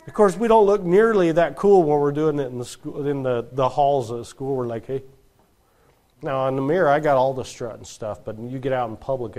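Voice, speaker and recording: Pastor, male, 30s, sermon, animated storyteller, higher voice.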